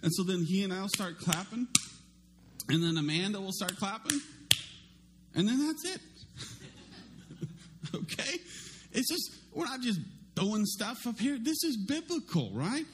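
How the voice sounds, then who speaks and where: High-voiced man preaching a casual sermon. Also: unhurried, long pauses, a little hiss or hum. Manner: conversational, self-deprecating, with lively shifts in pitch. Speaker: pastor.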